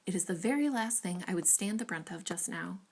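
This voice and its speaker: A woman's voice: fairly low pitch, lively intonation, brisk, a little mellow, a little hiss or hum. A woman reading aloud, voicing a witty young lady who banters archly. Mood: bantering. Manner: arch and bantering.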